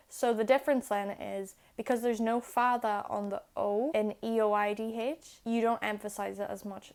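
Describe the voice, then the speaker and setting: A young woman explaining grammar step by step, patient and clear, in a video lesson. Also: mid-range voice. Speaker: Irish language teacher.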